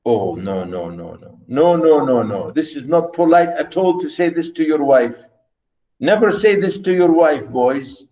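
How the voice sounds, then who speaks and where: A man's voice: fairly high pitch, darkish tone, rough recording. A man lecturing a class, reading a story aloud and asking students rhetorical questions. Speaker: literature lecturer.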